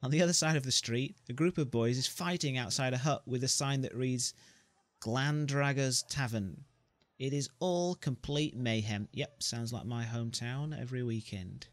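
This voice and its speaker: A man's voice: mid-range voice, a little fast, hardly any pauses, no echo. Man reading a story game aloud. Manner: reads narration with joking asides. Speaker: gamer.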